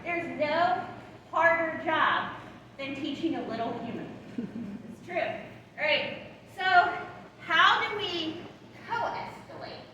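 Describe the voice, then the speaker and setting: A woman in her thirties giving a lively parenting training talk to caregivers, often checking in with the room. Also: very high-pitched, takes it slowly. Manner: animated, checks in with the audience often. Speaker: parenting educator. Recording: echoey hall, voice from far off, background noise.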